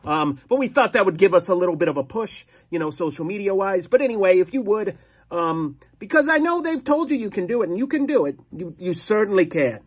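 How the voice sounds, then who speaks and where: A man's voice: high-pitched, big pitch swings, brisk, breathy edge, pitched above the performer's own voice, heavily acted. A man playing a stern, pompous mock lawyer who lectures and rambles in a comedic bit.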